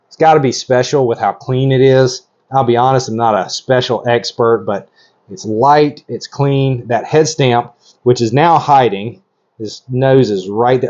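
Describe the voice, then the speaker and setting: A middle-aged man hosting a vlog, giving hands-on commentary in an excitable, rambling way that keeps interrupting itself. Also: medium pitch, unhurried. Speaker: reptile breeder host. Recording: slightly dull lo-fi audio.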